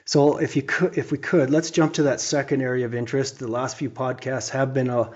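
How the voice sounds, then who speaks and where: A man's voice: mid-range voice, level tone, brisk, a little mellow. A male podcast host guiding the interview in a friendly, encouraging way. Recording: dull lo-fi sound.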